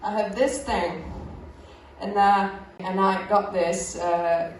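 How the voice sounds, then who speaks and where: A young Russian-born woman with a British accent works through a stand-up set, chatty and self-mocking, with lots of little fillers. Her voice sits at a middling pitch. It rings around an echoey club, caught from a distance. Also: fairly even intonation, slow pace, a little hiss or hum. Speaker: stand-up comedian.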